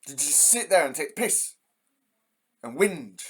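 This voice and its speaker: A man's voice: on the high side, animated, moderate pace, a bit bright, breathy edge. An English man hosting a heated, profane ranting monologue. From England. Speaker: host.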